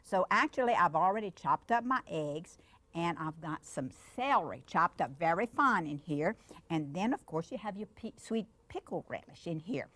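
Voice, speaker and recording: Older woman, Cajun accent, warm chatty cooking host, low voice. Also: expressive, moderate pace. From Louisiana. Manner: chatty and affectionate, talks to the child while cooking. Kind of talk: cooking demonstration.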